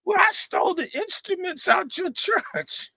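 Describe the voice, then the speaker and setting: A man doing a panicked young thief, his voice jumping way up high and pinched. He pleads and accuses all at once, strained and breathless, as if cornered. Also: lively intonation, measured pace, gravelly, pushed and bright, no echo, exaggerated voice. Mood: shrill pleading.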